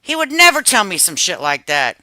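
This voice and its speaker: A woman in her fifties hosting a livestream, chatting casually with viewers in a sassy, animated way and laughing often. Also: medium pitch, brisk, no room sound. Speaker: livestream host. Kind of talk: casual chat reacting to viewers.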